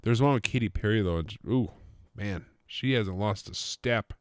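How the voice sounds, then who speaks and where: A podcast host talks alone at normal speed in a lowish voice, recorded dry with clean studio sound. His monologue is casual and rambling, peppered with jokes and self-interruptions mid-sentence.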